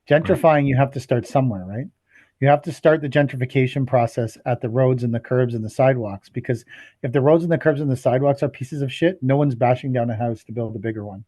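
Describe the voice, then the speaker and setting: A man's voice: mid-range voice, dark tone, no echo. A podcast co-host man, chatting bluntly and swearing a lot. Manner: blunt, profane griping. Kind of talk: casual chat.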